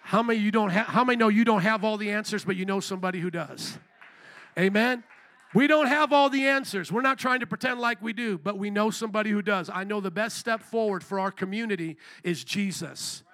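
High, bright-voiced preaching man. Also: brisk. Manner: impassioned, rhetorical questions to the congregation. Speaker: pastor. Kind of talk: sermon.

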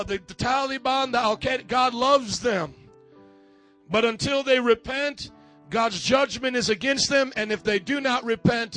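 Male pastor, fiery sermon, very high pitched, rallies the congregation, faint music under. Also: fairly bright tone. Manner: emphatic, calls out for congregation responses. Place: church service before a congregation.

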